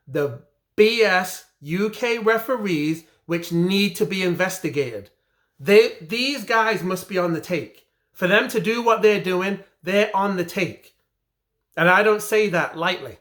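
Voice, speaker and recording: Speaking at a measured pace in a high, slightly bright voice, an English boxing commentator vents angrily about a bout's result. He circles back to the same points repeatedly, clearly frustrated.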